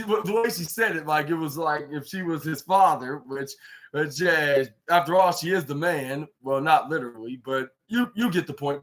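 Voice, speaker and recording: A man's voice: a little high, a bit bright. A man hosting a casual podcast, recapping a wrestling show in a rambling way, full of fillers, restarts and loosely paraphrased quotes.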